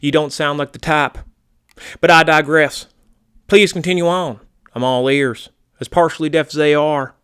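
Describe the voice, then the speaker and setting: A man's voice: a little high, steady tone, normal speed, fairly bright tone, smooth, close to an everyday voice. A man playing a brash, gun-loving rural American man in a comedy sketch, blustering, crude and folksy. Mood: boastful.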